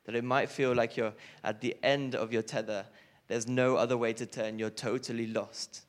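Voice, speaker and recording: In a church setting, a young man delivers his personal testimony with sincerity, his tone steady and his pitch medium at a normal pace. His voice still rises emotionally when he emphasizes something important.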